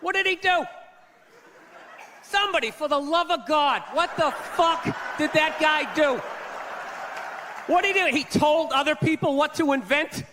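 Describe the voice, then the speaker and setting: A man's voice: very high voice, a little slow, pauses often, pushed and bright, a faint crowd, a little hiss or hum. A man from the United States doing a stand-up set on stage, sarcastic, mocking and profane. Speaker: stand-up comedian. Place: stage at a live show.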